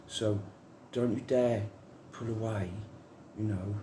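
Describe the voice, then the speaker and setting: A man's voice: lowish voice, steady tone, takes it slowly, roomy sound, noisy background. A man giving a rambling, heartfelt spiritual monologue to camera, musing on love and trust.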